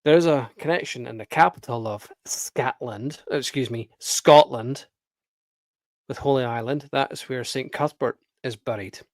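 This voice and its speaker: A man's voice: mid-range voice, fairly quick, few pauses, dry recording. A man hosting his own channel, ranting casually to camera in an exasperated, emphatic way, swearing often. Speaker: video commentator.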